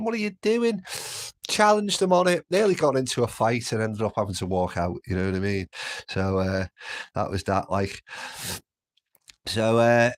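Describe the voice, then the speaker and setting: A middle-aged man hosting a casual live stream, rambling, swearing and repeating himself as he reads the chat. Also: lowish voice.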